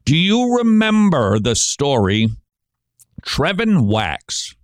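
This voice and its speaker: A man hosting a Christian radio show, giving sarcastic commentary and breaking into mocking shouted impressions. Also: fairly high pitch, big pitch swings, takes it slowly, clean tone, no echo, clean studio sound.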